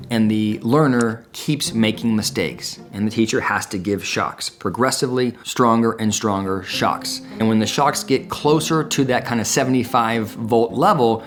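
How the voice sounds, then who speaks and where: A man, a psychologist, explaining a classic study in an educational talk, telling it as a story. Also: mid-range voice. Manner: storytelling, acts out quoted dialogue.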